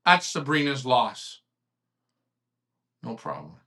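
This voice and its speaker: Heated male live-stream host, ranting and cursing, lively swooping pitch, bright tone. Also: slow. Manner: ranting, swearing, animated, swings loud to quiet. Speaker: host of a live online pigeon club show.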